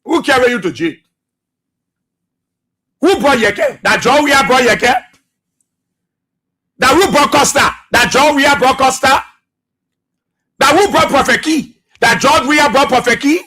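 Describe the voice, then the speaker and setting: A man's voice: extremely high pitch, unhurried, long pauses, bright, forceful tone, a little hiss or hum. A man with a Liberian English accent hosting a political talk radio show, firing accusing rhetorical questions with mounting fervor. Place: radio studio.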